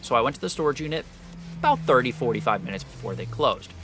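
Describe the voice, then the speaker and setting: A young man on a live stream spinning a long, rambling anecdote for his chat. His tone is bright and forceful, with lively jumps up in pitch and a freely swearing, easygoing delivery. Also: fast, faint music behind. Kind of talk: casual storytelling to live chat.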